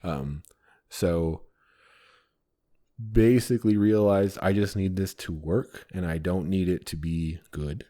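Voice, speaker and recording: A developer co-hosting a podcast talks casually about code, rambling and swearing some. His voice is low and warm, and he speaks slowly.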